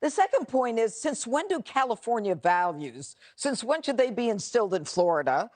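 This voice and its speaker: A woman's voice: a little high, big pitch swings, normal speed, a little mellow. A woman on a talk panel making pointed, counted-off arguments. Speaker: panel co-host.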